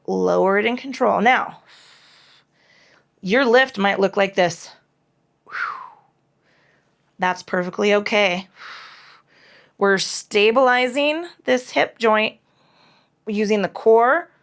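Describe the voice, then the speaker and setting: A woman yoga instructor guiding a class through hip and low back moves, cueing breath in a frank, playful way with casual swearing. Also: takes it slowly, vocal fry, long pauses.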